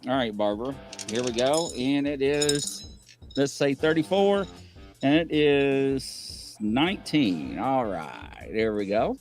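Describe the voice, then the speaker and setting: Lively man telling a tall tale. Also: medium pitch, slow, soft background music. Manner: animated, rambling storyteller who laughs often. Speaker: host of a paranormal variety show. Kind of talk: casual livestream chat.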